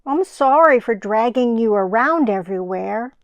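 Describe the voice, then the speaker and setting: A woman's voice: on the high side, lively intonation, moderate pace, dry recording, dull audio. A woman voicing a curious, lonely young boy in a storybook, asking earnest questions.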